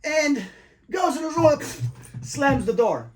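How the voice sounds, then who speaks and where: A man, a father, telling his children a story in casual chat, animated and swearing often, acting out what people said. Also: very high-pitched, takes it slowly, over a noisy crowd. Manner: animated, swears a lot, acts out quoted voices.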